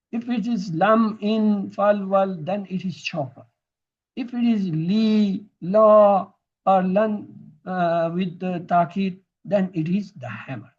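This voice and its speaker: A man's voice: high voice, darkish tone. A man teaching Quranic Arabic grammar in a classroom lesson, drilling verb forms and quizzing his students. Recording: dull lo-fi recording.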